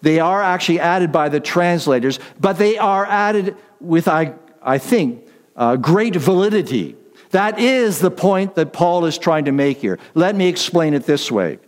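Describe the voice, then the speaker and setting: A man preaching a sermon as pastor, with deliberate repetition, slowed emphasis on key phrases and self-deprecating asides. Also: on the high side, lively intonation, big-room sound.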